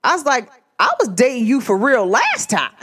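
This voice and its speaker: Chatting casually, a young woman animatedly tells a personal story full of slang, acting out the voices of the people in it. Her fairly high voice moves at a moderate pace, and there's background noise.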